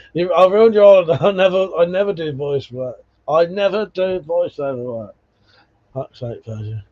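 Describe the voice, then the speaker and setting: A male livestream host with a fairly high, darkish voice speaks unhurriedly with lively intonation. He chats with viewers, reads their comments, and tells rambling stories full of swearing and laughs, all in dull lo-fi stream audio.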